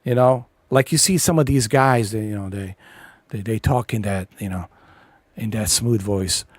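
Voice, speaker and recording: A man's voice: fairly low pitch, normal speed, no room sound. Profane rambling male gaming host. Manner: profane, blunt, rambling with many fillers. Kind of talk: casual rant over gameplay.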